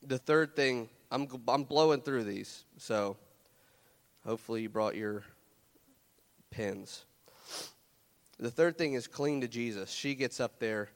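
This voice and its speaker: A man's voice: medium pitch, a little slow, long pauses. A young man preaching a sermon in a loose, conversational way, earnest and close to tears as he shares a personal story. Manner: earnest, emotional, fighting tears; loose, conversational, many fillers and restarts. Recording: long hall reverb.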